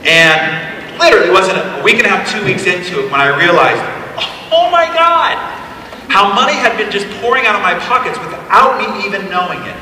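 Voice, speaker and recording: A man in his forties giving a motivational keynote, telling stories in an animated, conversational way with emphatic asides. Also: high voice, a little fast, slight background noise. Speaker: keynote speaker. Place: large event hall, live on stage. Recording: echoey hall taped from far off.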